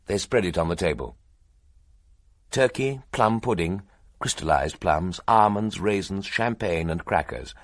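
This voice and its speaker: A man narrating an audiobook in a measured, expressive storytelling manner. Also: sits low, no echo, studio quality. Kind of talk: scripted narration.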